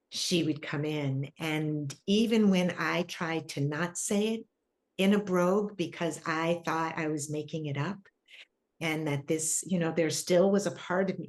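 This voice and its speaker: A woman's voice: low-pitched, darkish tone. A woman guest in an interview, telling a personal story in an earnest, reflective way as she searches for words. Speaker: interview guest, spiritual grief coach.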